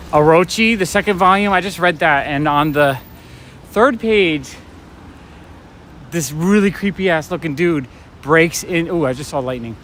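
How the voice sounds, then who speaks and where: A man's voice: on the high side, a bit bright, slight background noise. A man hosting a live stream while walking outdoors at night. He chats casually and enthusiastically, with lots of fillers and restarts. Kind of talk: casual rambling chat. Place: city street at night, outdoors. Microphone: handheld phone or camera while walking.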